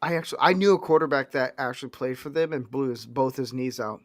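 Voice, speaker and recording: A man's voice: mid-range voice, fast, no room sound, clean studio sound. A man co-hosting a casual sports chat, telling stories and acting out what people said. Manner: animated storyteller, quotes people in put-on voices. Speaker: podcast co-host.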